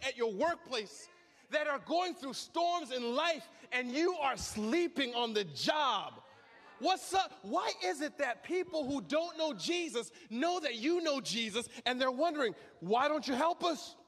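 A pastor preaching a sermon, shouting with emphatic repetition. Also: male voice, very high voice, animated, a little slow. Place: large hall. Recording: reverberant hall.

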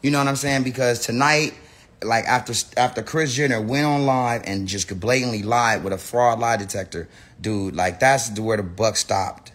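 A man's voice: mid-range voice, normal speed, fairly bright tone. Slangy, rambling American man on a livestream. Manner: slangy, rambling with restarts and profanity. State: says he is high. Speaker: live streamer. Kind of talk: casual livestream rant. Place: indoor room with a big screen. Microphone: phone livestream.

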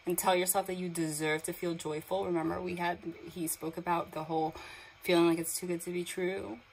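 A woman's voice: on the low side, level tone, a little fast, a little hiss or hum, low-quality recording. A young woman giving a tarot card reading, emotional and awed, reading card texts aloud, with water sounds from a sound machine in the background. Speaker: tarot reader.

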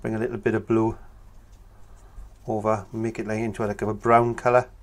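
A man's voice: lowish voice, little pitch movement, moderate pace. A man teaching a painting tutorial, chatting casually and thinking aloud as he works. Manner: chatty, thinks aloud with fillers while working. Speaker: painting instructor.

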